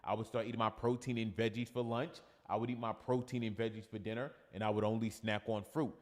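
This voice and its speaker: Low-voiced New York fitness coach, roomy. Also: male voice, quick pace. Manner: energetic, reads viewer comments aloud. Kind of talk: casual livestream chat.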